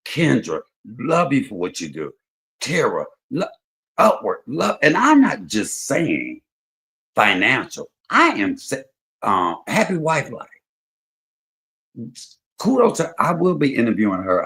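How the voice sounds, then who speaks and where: A man hosting a livestream, telling stories in casual chat, swinging between loud and soft. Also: mid-range voice, huge pitch swings, measured pace. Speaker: livestream host.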